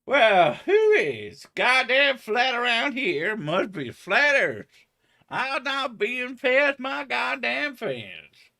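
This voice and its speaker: A man voicing a cranky rural American farmer who curses gruffly in a slow drawl. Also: extremely high pitch, huge pitch swings, sharp tone, voice pushed up, heavily acted. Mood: indignant.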